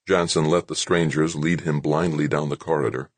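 A man's voice: extremely low pitch, steady tone, moderate pace, hardly any pauses, husky, no echo. A man narrating an audiobook with dramatic, tense storytelling.

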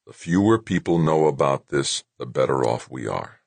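A man reading an audiobook, voicing a male general who speaks slowly in a measured, sanctimonious way. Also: very deep voice, expressive, gravelly, no room sound, exaggerated voice. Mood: cold. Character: cold, righteous male general.

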